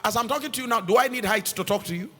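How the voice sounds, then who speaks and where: A man's voice: sits high, very fast, bright, forceful tone. A male pastor preaching a sermon to a congregation in a church hall, asking the crowd questions as he goes. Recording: long hall reverb, faint music behind.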